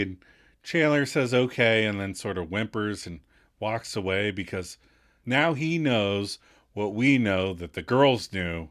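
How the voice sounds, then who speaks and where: A man's voice: lowish voice, lively intonation, a little slow, a bit bright. A man co-hosting a podcast, recapping an episode with playful, joking asides. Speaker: podcast co-host. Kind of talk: casual episode recap chat.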